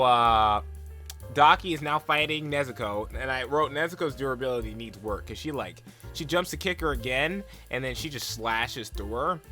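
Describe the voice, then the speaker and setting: A young man with a bright, sharp-edged voice talks through an episode recap in a loose, rambling way. He leans on "like" and "um", and slips into quick put-on voices for the characters. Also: mid-range voice. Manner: rambling, filler-heavy retelling, full of "like" and "um". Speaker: anime reaction vlogger. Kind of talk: casual episode recap and reaction.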